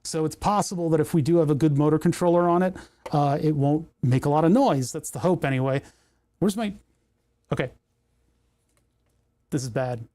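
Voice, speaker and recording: Rambling, self-deprecating livestream host, a man with a slightly high voice, dry close sound. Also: moderate pace, pauses often, mellow, dry recording. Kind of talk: casual livestream chat while repairing.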